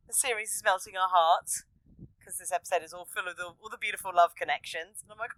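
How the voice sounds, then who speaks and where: A woman hosting a podcast, chatting casually and acting out characters' lines with excitement. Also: quick pace, dry recording, low-quality recording. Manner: animated, acts out characters' lines in a high excited voice. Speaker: podcast host. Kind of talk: casual podcast chat recapping an anime.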